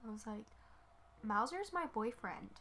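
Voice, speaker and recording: A woman's voice: on the high side, measured pace, crowd noise. A young woman telling a story in a casual chat, acting out what others said and laughing often. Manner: animated storyteller, acts out quotes, laughs often. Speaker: guest.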